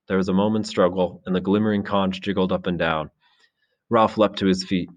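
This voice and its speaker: Deep male narrator, measured dramatic audiobook read. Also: steady tone. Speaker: teacher reading a novel aloud.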